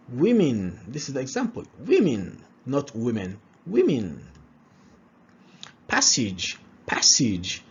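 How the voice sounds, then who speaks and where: Slow, husky man teaching pronunciation. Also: mid-range voice. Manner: repeats words slowly, checks in with "all right?". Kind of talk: slow, drilled pronunciation lesson. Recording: dull lo-fi recording.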